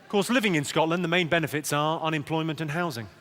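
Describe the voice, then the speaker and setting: A male stand-up comedian doing crowd work with brisk deadpan one-liners, teasing the audience at a live comedy venue. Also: on the high side. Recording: loud background noise.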